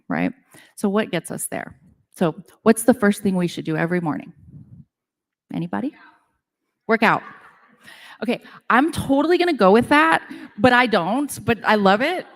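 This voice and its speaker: A woman's voice: mid-range voice, lively intonation, fairly quick, vocal fry. A middle-aged woman telling casual, self-deprecating stories to a live audience at a business event, chatty and full of "like". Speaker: speaker at a women's business event. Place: conference room with audience. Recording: long reverb of a hall.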